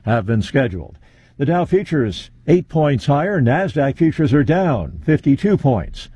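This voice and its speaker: A man reading a radio newscast as the anchor, in an even, scripted delivery. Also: a little high, a little slow, a little hiss or hum. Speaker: news anchor.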